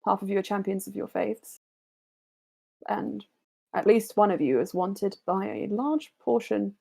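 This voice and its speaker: A woman's voice: mid-range voice, a little slow, vocal fry, dark tone. A woman running a tabletop role-playing game, joking in a playful, self-deprecating way with her players. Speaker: game master. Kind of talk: casual tabletop banter.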